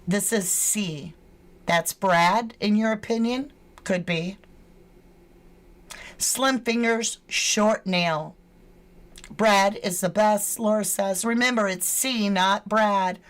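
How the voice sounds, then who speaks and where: A woman's voice: medium pitch, slow, long pauses. A woman hosting a true crime channel, chatting casually with live viewers, greeting them and reading their names aloud, with casual swearing. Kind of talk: casual livestream chat.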